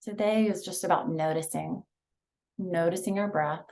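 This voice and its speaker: A woman leading a guided breathing and visualization exercise, talking softly and soothingly with many pauses. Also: on the low side, creaky. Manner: slow, soft, soothing guidance with many pauses. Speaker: mindfulness instructor.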